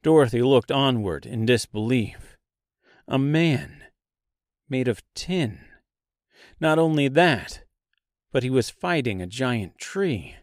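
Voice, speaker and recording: A man narrating a dark fantasy audiobook in a slow, deliberate storytelling manner. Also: medium pitch, animated, no echo, clean studio sound.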